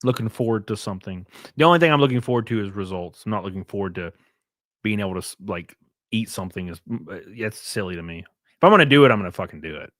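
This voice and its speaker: A man's voice: low voice, fast talker, no room sound, studio quality. A man hosting a casual livestream, blunt and profane, rambling and reading chat donations aloud. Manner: reads and answers chat donations. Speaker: livestream host.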